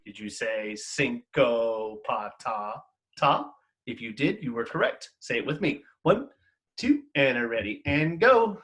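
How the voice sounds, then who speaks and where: Upbeat, lively male music teacher. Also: mid-range voice, a little slow. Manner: upbeat, encouraging, counts students in and chants rhythms. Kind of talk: recorded online music lesson.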